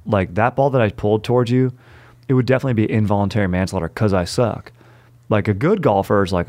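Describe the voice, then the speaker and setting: A man's voice: lowish voice, fast talker, a little mellow. A young adult man hosting a casual chat, telling stories in laid-back bro slang. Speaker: podcast host.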